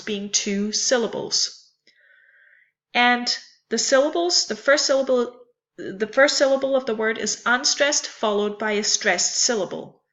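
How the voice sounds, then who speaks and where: A woman's voice: on the high side, pushed and bright. A woman teaching a lesson in a careful, explanatory way, repeating and spelling out terms. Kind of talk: slow explanatory lecture.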